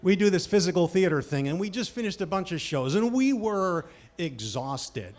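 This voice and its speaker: Animated high-voiced male storyteller. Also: moderate pace. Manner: animated and self-mocking, swinging from hushed asides to shouted punchlines. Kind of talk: live comic storytelling.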